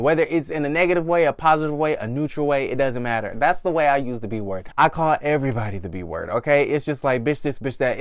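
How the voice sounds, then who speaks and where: A man hosting a casual gossip commentary vlog, sassy and animated, slipping into mock voices to quote people. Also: medium pitch, dry recording, studio quality. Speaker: gossip channel host.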